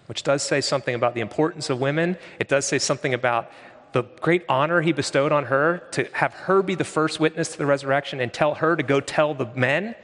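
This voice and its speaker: A man's voice: on the high side, fairly bright tone, long reverb tail. A man preaching a sermon as pastor, conversational and emphatic, in a church sanctuary.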